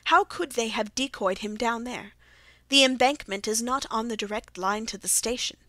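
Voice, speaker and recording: A woman reading the part of Sherlock Holmes, a sharp male detective, in a measured, grave way in a dry audiobook recording. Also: on the high side, no echo.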